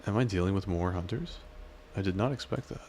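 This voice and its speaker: A man casually commenting on his gameplay and chatting with his viewers in a relaxed way. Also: deep voice, fairly quick, a little hiss or hum. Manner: relaxed, chatty, talks to chat. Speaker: game streamer.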